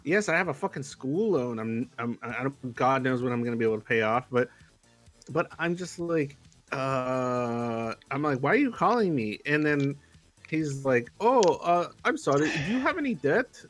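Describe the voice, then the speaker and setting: A man's voice: mid-range voice, expressive, moderate pace, fairly bright tone, soft background music. A young man ranting in casual livestream chat, swearing heavily and sounding exasperated. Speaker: livestream co-host.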